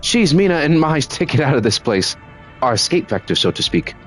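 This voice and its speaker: A man's voice: on the high side, sing-song, fairly quick, a bit bright, soft background music, voice pushed up. A man voicing a thin, ragged young father who is eager and hopeful, in a made-up accent while reading game dialogue aloud.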